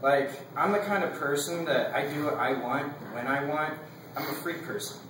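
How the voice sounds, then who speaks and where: A man's voice: fairly high pitch, normal speed, heavy reverb, distant mic, noisy background. A young man giving a casual class speech. He rambles, fills his talk with "like" and laughs between his points.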